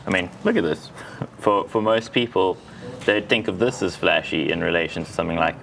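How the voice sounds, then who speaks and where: A man's voice: low voice, steady tone, moderate pace, vocal fry, fairly bright tone, slight background noise, low-quality recording. A man from South Africa interviewing a guitar maker, enthusiastic and full of fillers. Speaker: interviewer from a music store. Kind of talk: casual interview chat. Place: trade show floor.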